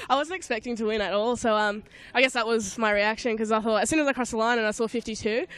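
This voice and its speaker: A young Australian woman athlete with a cold, giggly and excited in a post-race interview. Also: on the high side, fast. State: has a cold. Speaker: athlete guest.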